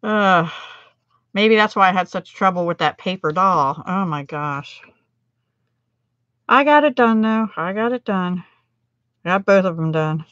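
A woman's voice: lowish voice, a bit bright, no echo, muffled recording. A middle-aged American woman demonstrating card making on a livestream, chatting with viewers and laughing at her own mistakes. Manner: chatty, self-deprecating, laughs often.

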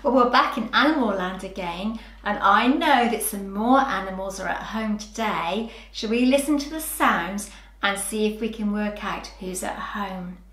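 A woman teaching young children phonics, sounding words out slowly with gentle encouragement. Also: mid-range voice, echoey room. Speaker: early years teacher. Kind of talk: slow, clear children's lesson.

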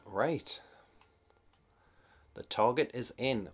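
A man's voice: medium pitch, extremely slow, slight background noise. A man with a Geordie accent giving casual, self-mocking let's-play commentary full of crude jokes. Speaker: gameplay commentator.

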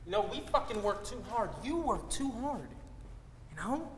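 A man's voice: very high voice, sing-song, moderate pace. Male actor as a crude, swearing salesman on a rant; echoey live hall. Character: crude, bitter male salesman, scornful and ranting. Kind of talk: live stage acting. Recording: echoey hall, faint noise.

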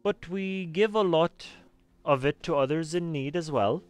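A man's voice: on the high side, unhurried, smooth, faint music behind, voice pushed up, close to an everyday voice. A Canadian man voicing a cheerful adult woman master thief in a video game, reading her lines theatrically. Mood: boastful.

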